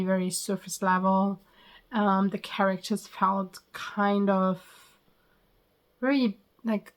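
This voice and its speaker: Chatty woman giving a casual review. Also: medium pitch. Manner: chatty, frequent ums and likes. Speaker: book reviewer. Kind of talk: casual spoken book review.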